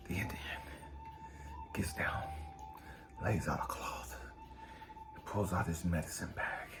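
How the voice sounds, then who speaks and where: A man giving an emotional motivational talk, dropping to hushed whispers and rising to cracking cries, swearing hard. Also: low voice. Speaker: motivational speaker and life coach.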